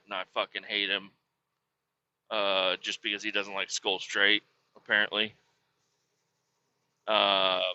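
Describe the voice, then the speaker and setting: Male comic host, profane shouting rants, lively swooping pitch, dry dull recording. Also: no room sound. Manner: profane, erupts into shouting tirades. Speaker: podcast host. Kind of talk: comedic rant.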